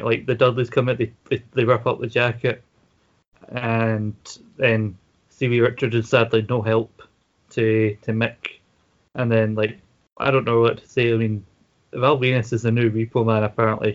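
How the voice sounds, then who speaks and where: A man speaks in a level, monotone way at a middle pitch, recapping wrestling with dry, wry humor. His voice comes through a dull, slightly lo-fi mic. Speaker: podcast co-host. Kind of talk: casual wrestling recap chat.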